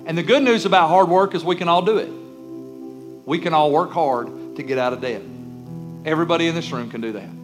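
A man's voice: on the high side, fairly quick, over music. A man preaching a sermon as a pastor, emphatic, sometimes acting out the pleading voices of churchgoers and children. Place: church sanctuary.

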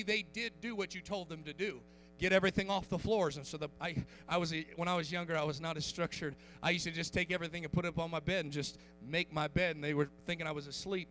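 Fervent high-voiced male preacher. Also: slight background noise, low-quality recording. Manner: fervent, repetitive, filler "uh" before lines, swings from low asides to shouting. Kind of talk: sermon.

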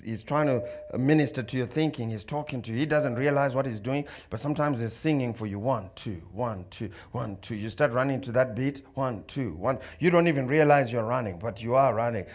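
A man's voice: mid-range voice, a little fast, few pauses, a little mellow. Man preaching a story-driven sermon. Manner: storytelling, acts out dialogue and crowd voices. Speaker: pastor.

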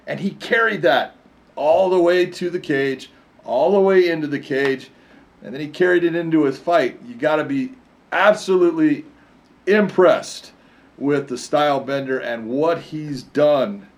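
A man in casual conversation, retelling fight stories with animated energy. His voice sits a little high for a man, and he laughs readily between anecdotes. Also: a little slow. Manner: animated storyteller, laughs often. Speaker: co-host, fight commentator. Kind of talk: casual chat.

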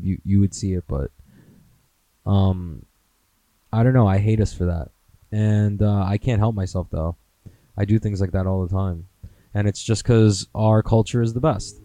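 A man's voice: on the low side, mellow, no room sound, rough recording. A young American man hosting a solo podcast, rambling in a profane, self-mocking, casual way. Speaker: podcast host.

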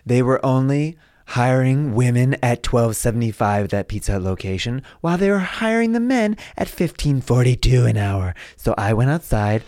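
A man voicing an angsty, loudmouthed activist woman with a raspy voice, combative and ranting. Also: mid-range voice, animated, normal speed, hardly any pauses, no room sound, close to an everyday voice. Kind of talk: improvised comedy sketch.

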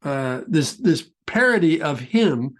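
High-voiced man, halting chat. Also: lively intonation. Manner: halting, restarts and repeats words. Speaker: interviewer. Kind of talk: casual podcast chat.

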